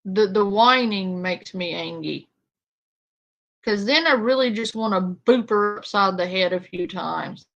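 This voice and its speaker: Woman, reaction streamer, sarcastic, blunt, casual commentary, mid pitch. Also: a little slow, creaky, fairly bright tone, muffled recording.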